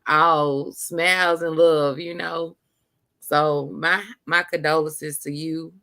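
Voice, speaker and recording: Woman host, low gravelly voice, slow unhurried pace, earnest and encouraging. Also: level tone, sharp tone. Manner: earnest, encouraging, with conversational fillers. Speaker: podcast host. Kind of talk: heartfelt casual chat.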